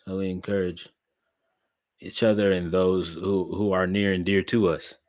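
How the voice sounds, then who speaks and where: Blunt, slangy low-voiced man. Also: flat delivery, moderate pace, a little mellow. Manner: blunt, slangy, repeats phrases and restarts. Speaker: podcast host. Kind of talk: casual chat.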